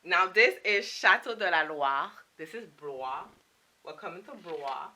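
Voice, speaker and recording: A young woman from Saint Martin talks through her souvenir collection in a loose, playful vlog chat with laughing asides. Her voice sits a little low but rings very bright and forceful. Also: lively intonation, unhurried. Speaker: vlogger showing a souvenir collection. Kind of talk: casual chat.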